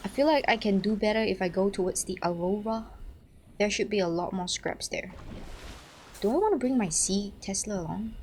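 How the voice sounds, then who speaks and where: Excitable young woman streaming a game. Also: medium pitch, normal speed, slight background noise. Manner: excitable, swears, laughs at herself. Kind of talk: casual game streaming commentary.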